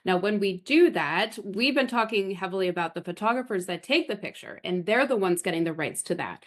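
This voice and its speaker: A woman with a mid-pitched voice hosts a conversational podcast. She asks questions with curiosity and keeps affirming her guests with short murmurs. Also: animated, a little fast. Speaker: podcast host. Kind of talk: casual podcast interview.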